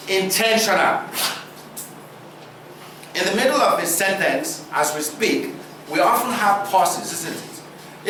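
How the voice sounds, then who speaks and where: A man preaching a sermon, asking his listeners rhetorical questions and using deliberate pauses for effect. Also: sits high, animated, sharp tone, slight background noise. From Nigeria. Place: church hall. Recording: roomy hall recording, distant mic.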